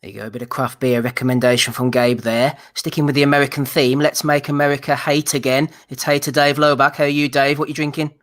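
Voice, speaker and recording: A man's voice: mid-range voice, flat delivery, a bit bright. A man hosting a live stream, teasing his guests and reading out chat comments. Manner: jokey, teasing, quick to laugh. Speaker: host.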